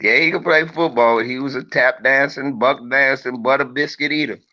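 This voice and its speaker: A man's voice: medium pitch, normal speed, sharp tone, dull audio. A man chatting on a livestream in a brash, profane, joking way and teasing his viewers. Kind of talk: casual livestream chat.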